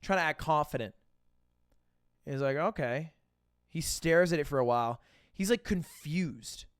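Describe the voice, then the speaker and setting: Young male streamer, animated storyteller who swears freely, dry close sound. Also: a little high, normal speed, clean tone, no room sound. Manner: animated, profane, acts out quotes. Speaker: livestreamer. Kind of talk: casual storytelling.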